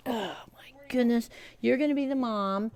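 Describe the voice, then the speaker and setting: A woman's voice: on the high side, normal speed. Chatty woman training a camp team. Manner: warm, encouraging, chatty with frequent fillers. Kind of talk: instructional talk to a staff team.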